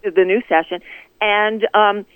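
Woman caller from Florida, sarcastic and lively, dry tinny phone sound. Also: mid-range voice, takes it slowly, clean tone, no echo. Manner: sarcastic, animated storytelling. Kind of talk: casual political phone chat.

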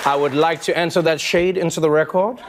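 A man hosting a satirical late-night comedy show, delivering jokes in an animated style with laughing asides. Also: fairly high pitch, fairly quick, a loud crowd. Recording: studio audience laughter and noise behind. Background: audience laughter.

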